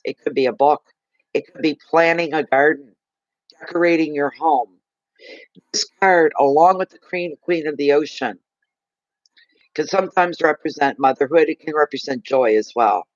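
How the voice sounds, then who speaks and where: A man giving a live tarot card reading, gushing and emotional, slow and soothing. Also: a little high, dry recording, muffled recording.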